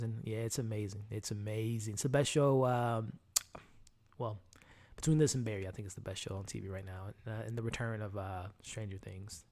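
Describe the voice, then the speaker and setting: A man's voice: medium pitch, a little mellow. A man hosting a live stream, chatting casually with viewers and sometimes dropping to a murmur. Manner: chatty, talks to chat, restarts and fillers, drops to a murmur. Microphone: headset mic.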